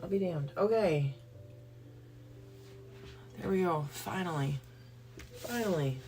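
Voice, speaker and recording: A woman's voice: fairly low pitch, animated, slow pace, dark tone, slight background noise. A woman, hosting a livestream and ranting bluntly and profanely before a Bible reading. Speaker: livestream host. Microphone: phone or computer livestream.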